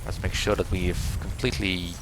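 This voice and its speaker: A man hosting a let's play, giving casual gameplay commentary with relaxed, muttered asides. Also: low-pitched, normal speed, background noise.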